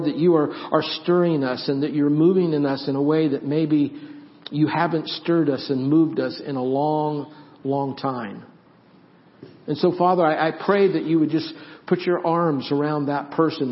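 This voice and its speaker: A man preaching and then praying aloud, earnest, with halting restarts that grow louder as he prays. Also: medium pitch. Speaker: pastor. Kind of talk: sermon closing into prayer. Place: church sanctuary. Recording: dull lo-fi church recording, faint music.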